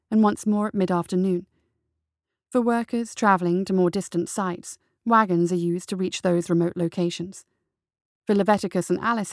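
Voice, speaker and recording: A woman reading a dark adventure story aloud as its narrator, with a steady, even storytelling delivery. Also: fairly low pitch, no echo, clean studio sound.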